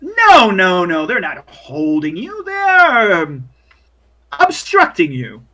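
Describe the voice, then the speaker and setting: A man's voice: high voice, huge pitch swings, takes it slowly, sharp tone. A man narrating as game master in a chatty way, full of "like" and "you know". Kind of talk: casual tabletop game narration.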